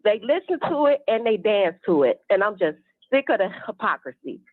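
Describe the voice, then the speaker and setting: A woman's voice: mid-range voice, very animated, a little fast, dry recording. A woman caller who is an evangelist, delivering a preachy, indignant rant on a call-in show. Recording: tinny phone line.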